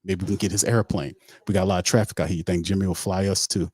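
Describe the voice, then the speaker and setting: A man's voice: deep voice, fairly even intonation, quick pace, a little mellow, husky, no echo. A man doing a comic impression of a rambling, boastful male pro quarterback. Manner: rambling comic storytelling with mock dialogue.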